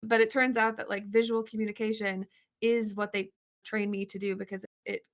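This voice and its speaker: A woman guest on a video-call interview, telling stories in an animated, rambling way full of "like" fillers. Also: medium pitch, normal speed. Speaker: interview guest, comic artist. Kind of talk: casual storytelling in an interview.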